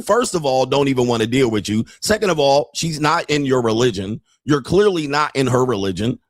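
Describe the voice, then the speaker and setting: A man's voice: on the high side, dry recording, studio quality. A man streaming reaction commentary on street pickup videos, blunt and profane, laughing often as he mocks what he watches, speaking.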